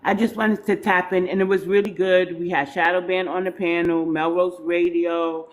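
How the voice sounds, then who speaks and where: A woman's voice: fairly low pitch, little pitch movement, moderate pace. Chatty New York woman hosting a stream. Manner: chatty, loose and informal, with many fillers. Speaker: live stream host. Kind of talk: casual live stream chat.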